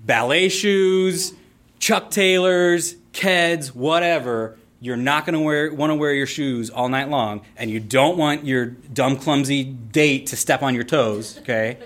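A man telling a personal story on stage, animated and playful with a theatrical flair. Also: mid-range voice, a little slow, few pauses. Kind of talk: live storytelling.

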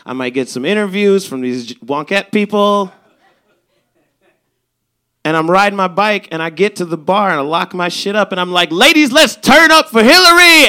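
At a live show in a bar venue, a young man from Chicago's South Side tells a comedic story, swearing and acting out the lines he quotes. His voice is high with a sharp tone.

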